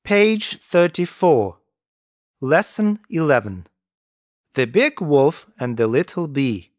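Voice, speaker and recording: Guy reading kids stories really slow, voice goes up and down a lot, dry close mic. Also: on the high side, dry recording. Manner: slow, careful reading with lively intonation. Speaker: narrator. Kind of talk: slow narration for English learners.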